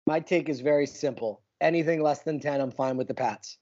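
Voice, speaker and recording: A man's voice: a little high, fairly quick, darkish tone, dull audio. A man co-hosting a sports betting podcast, casual, laid-back and self-deprecating.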